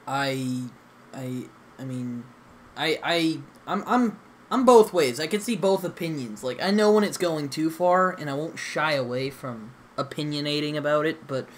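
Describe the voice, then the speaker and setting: This young man, a gaming channel host, has a fairly high voice and talks a little slowly. He rambles hesitantly with friends during a gaming session, full of fillers and false starts. There's a slight hiss or hum on the audio.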